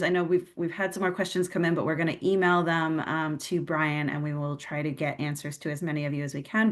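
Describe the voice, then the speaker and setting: A woman moderating a webinar, polite, often restarting her questions. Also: deep voice. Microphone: video call.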